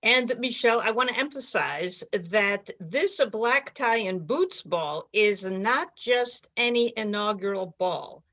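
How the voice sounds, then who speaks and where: A woman's voice: mid-range voice, lively intonation, slow, hardly any pauses, a bit bright. Woman hosting a talk show, really emphatic, repeats words to drive the point home. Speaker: host.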